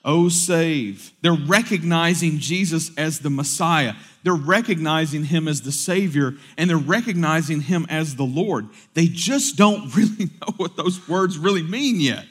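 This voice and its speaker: A man preaching a sermon in a conversational way, swinging between loud, lively bursts and hushed, solemn stretches. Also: fairly high pitch, normal speed, hardly any pauses. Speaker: pastor.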